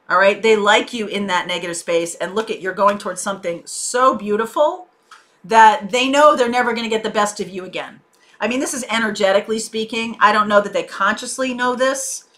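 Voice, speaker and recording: A woman's voice: mid-range voice, sharp tone. A woman giving a casual tarot reading, conversational and reassuring, with frequent fillers. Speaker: tarot reader.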